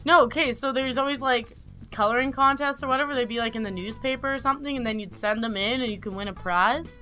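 Give me a bright, high-ish woman telling stories on a casual podcast. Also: fast, faint music behind. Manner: animated storyteller.

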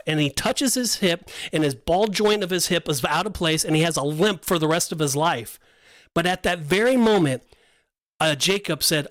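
Podcast co-host, male, high pitched, excitable storyteller who acts out the characters. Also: moderate pace, no echo. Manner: animated storytelling, acts out voices of biblical figures. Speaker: podcast co-host teaching the Bible. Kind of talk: casual Bible study chat.

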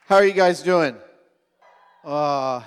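A man's voice: on the high side, smooth. A man telling playful stories to a live convention audience from the stage. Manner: playful, joking, quick bursts. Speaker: stage guest speaking at a fan convention. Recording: reverberant live hall.

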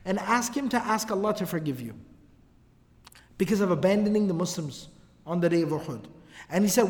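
A man giving a casual religious lecture, telling the story in an animated way with slangy asides. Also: high-pitched, a little fast, long pauses. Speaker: religious teacher. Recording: long hall reverb.

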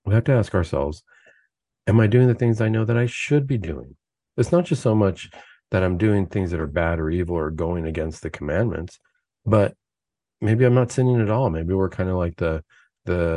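A man's voice: sits low, normal speed, warm tone, no echo, clean studio sound. A man hosting a Catholic talk show, giving an earnest, conversational spiritual reflection full of rhetorical questions. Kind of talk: spoken reflection, casual preaching.

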